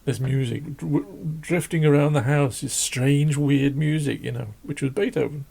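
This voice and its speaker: A man hosting a drawing channel, chatting casually and rambling as he draws, self-deprecating and laughing often, with a croaky voice. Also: on the high side, measured pace, warm tone. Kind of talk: casual chat while drawing. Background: faint classical music.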